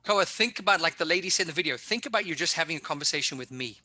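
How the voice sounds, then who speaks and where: Energetic, sharp-voiced male speaking coach. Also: a little high, racing. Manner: energetic, emphatic, directive coaching. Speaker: public speaking instructor. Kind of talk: live online workshop coaching.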